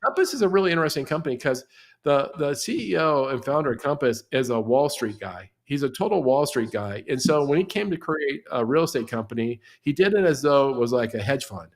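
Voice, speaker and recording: Middle-aged man, podcast guest, rapid animated talk, fills with you know, mid-pitched voice. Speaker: real estate industry guest. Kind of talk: podcast discussion.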